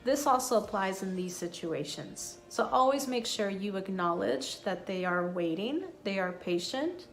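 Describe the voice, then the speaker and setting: A woman teaching an English lesson, modelling phrases slowly and clearly. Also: mid-range voice. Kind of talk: scripted lesson.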